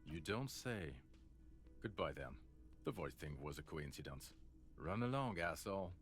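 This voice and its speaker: A man's voice: low-pitched, expressive, moderate pace, soft background music. An actor playing a curt, hostile man in a video game, brushing the player off with insults. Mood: dismissive. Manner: dismissive, insulting.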